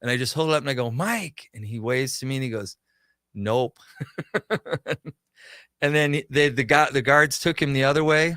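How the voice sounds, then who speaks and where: Speaking at medium pitch and a little fast, a middle-aged man who owns a pop culture shop spins a long, lively anecdote during a relaxed radio chat. His delivery is smooth, he performs the quotes himself, and the studio recording is clean and dry.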